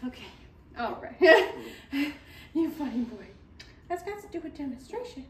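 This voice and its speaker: A woman's voice: a little high, lively intonation, moderate pace, a little hiss or hum. A woman who breeds dogs, talking through a puppy's temperament test and cooing at it in baby talk. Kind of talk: casual commentary while handling a puppy. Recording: echoey room, from a distance.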